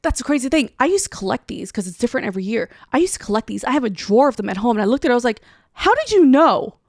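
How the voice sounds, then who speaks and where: A woman co-hosting a podcast, telling a story in casual chat, animated and swearing as she acts out quotes. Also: fairly high pitch, rapid-fire, dry recording, clean studio sound. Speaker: podcast co-host.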